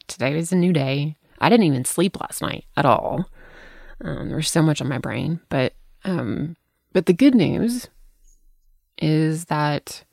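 A woman's voice: low-pitched, vocal fry, a little mellow, no echo, studio quality. A middle-aged woman hosting a podcast, talking frankly in casual chat, swearing freely as she tells stories. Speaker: podcast host.

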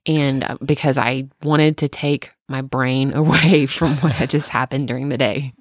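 A parent co-hosting a casual podcast, telling family stories candidly and with animated energy. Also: medium pitch, normal speed, no echo, clean studio sound. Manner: candid, animated storytelling with swearing. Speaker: podcast co-host; parent of two. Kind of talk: casual chat.

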